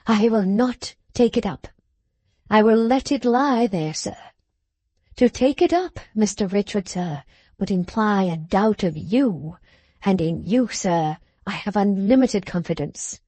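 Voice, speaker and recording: A woman's voice: medium pitch, lively intonation, measured pace, few pauses, dark tone, no room sound. A woman voicing a fawning, oily middle-aged male lawyer in a storybook reading, overly polite and theatrical in his protests. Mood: ingratiating.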